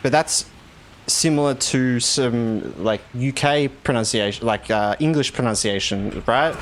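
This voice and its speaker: A man's voice: medium pitch, measured pace. A man with an Australian accent from Victoria, chatting casually with viewers while streaming a game. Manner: rambling, chatty, laughs easily.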